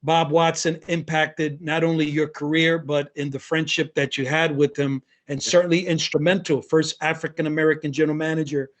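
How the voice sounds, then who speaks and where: A man's voice: fairly high pitch, level tone, normal speed, few pauses. A man hosting a podcast, telling stories eagerly in a casual interview and using many fillers. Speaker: podcast host.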